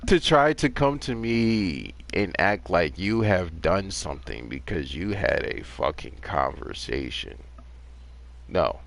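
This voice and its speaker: A man's voice: deep voice, expressive, slow, vocal fry, fairly bright tone. A man in his thirties ranting bluntly and sarcastically during a casual gaming livestream, with plenty of profanity. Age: 30s.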